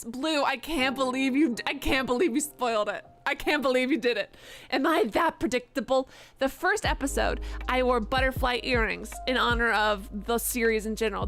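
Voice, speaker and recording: A young woman with a high voice signs off her live stream in loose, rambling chat, full of fillers and wry jokes about herself. Music plays clearly underneath her voice the whole time. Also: a bit bright. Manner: chatty, rambling, fillers and self-mocking asides. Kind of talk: casual stream sign-off chat. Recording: music playing behind.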